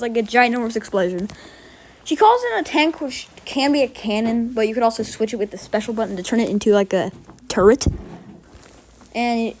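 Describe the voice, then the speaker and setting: A woman's voice: fairly high pitch, very animated, normal speed, slight background noise. Chatty young woman ranking game characters. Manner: rambling, chatty, self-correcting. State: slightly sick, out of breath. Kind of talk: casual tier-list commentary.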